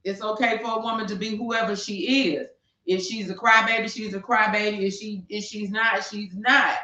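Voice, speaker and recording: A woman co-hosts a podcast talk show, ranting passionately and firing off rhetorical questions in heated opinion talk. Her voice is medium-pitched and bright, with fairly even intonation, a moderate pace, and a forceful tone. The recording sounds distant, echoey, dull, and lo-fi.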